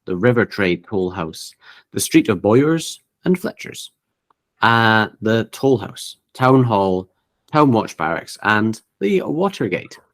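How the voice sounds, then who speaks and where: A man co-hosting a casual tabletop gaming podcast over a call, reading out long lists with frequent fillers and restarts. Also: medium pitch. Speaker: podcast co-host. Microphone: remote call.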